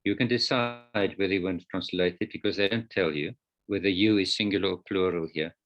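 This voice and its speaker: Low-voiced male lecturer, patient step-by-step explainer, dull lo-fi call audio. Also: steady tone, brisk. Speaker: Greek lecturer. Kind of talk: online class teaching.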